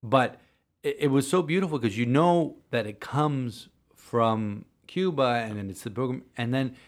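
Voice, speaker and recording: A man, a priest co-hosting a podcast, telling a story earnestly in halting sentences full of restarts. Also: mid-range voice. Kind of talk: casual podcast chat.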